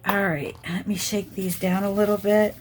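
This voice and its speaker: This crafting channel host, a middle-aged woman, rambles casually and thinks aloud while doing a diamond painting. Her mid-range voice is steady and moderately paced, and there's a little hiss or hum on the recording.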